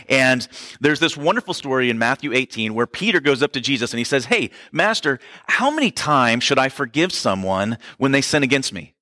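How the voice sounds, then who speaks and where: A man delivers a sermon in an easygoing, conversational way, turning often to the congregation with quick asides. His voice is bright and forceful at a middle pitch. The sound is dry and close, with no room echo. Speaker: pastor.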